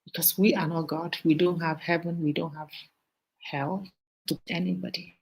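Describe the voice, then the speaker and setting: A middle-aged woman hosting a casual live-stream chat, telling stories with animated asides and a preachy streak. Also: lowish voice, moderate pace, husky, low-quality recording.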